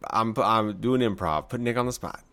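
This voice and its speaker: A man's voice: lowish voice, normal speed, sharp tone. A man co-hosting a podcast, trading casual, teasing banter. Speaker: podcast co-host. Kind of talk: casual chat.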